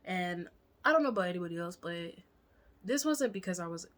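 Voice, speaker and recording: A young woman telling a candid personal story to camera in a chatty, animated way, sometimes dropping to a whisper for asides. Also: fairly low pitch, fairly quick. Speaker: vlogger.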